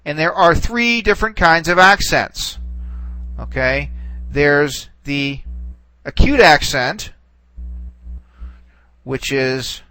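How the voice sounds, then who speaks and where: A man's voice: fairly high pitch, animated, slow pace, pauses often, bright, forceful tone, clear, resonant tone, dry recording, faint music behind, low-quality recording. A man teaching a recorded lesson, explaining step by step and often checking in with "okay?" while he types on screen, trailing off and repeating words as he works.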